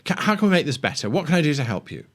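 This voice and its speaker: A man's voice: a little high, big pitch swings, very fast. Man doing a timid, stammering fantasy character. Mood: anxious. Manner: hesitant, stammering, anxious to please. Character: timid apologetic people-pleasing fantasy character.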